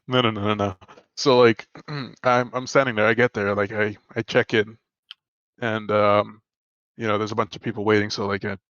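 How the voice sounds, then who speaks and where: A man's voice: lowish voice, fairly even intonation, moderate pace, a bit bright, no echo, dull audio. A young man in casual podcast chat, rambling through a story with many fillers. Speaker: podcast co-host.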